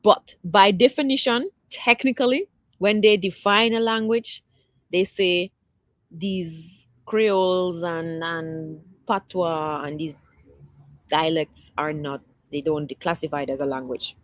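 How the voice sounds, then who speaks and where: A woman's voice: fairly low pitch, fairly even intonation, slow pace, dry recording. A woman hosting a casual livestream, chatting loosely and answering viewer comments, often restarting her sentences. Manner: rambling, with many restarts. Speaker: livestream host.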